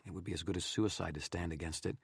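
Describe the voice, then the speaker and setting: A man narrating a fantasy novel aloud in steady first person on a live stream. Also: low-pitched, quick pace, creaky, husky, no echo, studio quality.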